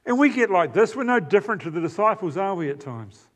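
A man's voice: high voice, sing-song. New Zealand man preaching a chatty sermon. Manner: conversational, with filler pauses and asides to the congregation.

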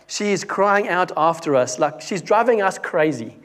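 A man's voice: high voice, lively intonation, normal speed, fairly bright tone. A man voicing exasperated disciples who beg to have a woman sent away. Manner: exasperated, pleading. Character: fed-up male disciples complaining.

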